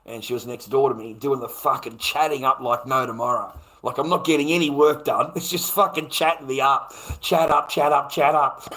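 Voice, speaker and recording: A man's voice: mid-range voice, steady tone, moderate pace, sharp tone, rough recording. A middle-aged man with an Australian accent, ranting crudely and at length on a livestream, swearing constantly and tagging his lines with "mate". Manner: crude, profane, rambling, keeps tagging "mate". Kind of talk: rambling monologue on a livestream.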